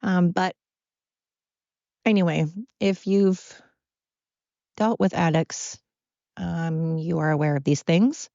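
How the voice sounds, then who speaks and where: A woman's voice: fairly low pitch, fairly even intonation, slow, creaky, pauses often, mellow, no room sound, muffled recording. A tired woman hosting her podcast at home, talking in a rambling, candid monologue. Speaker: podcast host. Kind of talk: casual personal monologue. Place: at home with pets.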